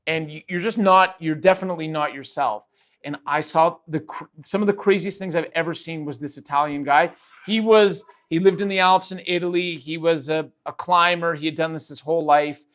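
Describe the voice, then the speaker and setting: A man's voice: fairly high pitch, brisk, a bit bright. Rambling male podcast host. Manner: rambling, with frequent restarts and fillers. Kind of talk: casual storytelling monologue.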